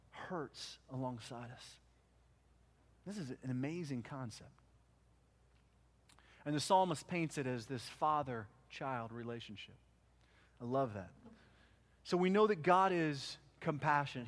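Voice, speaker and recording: Brief: male pastor, higher-pitched voice, dynamic sermon delivery, loud peaks and quiet drops. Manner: swings from loud emphasis to hushed, slowed phrases.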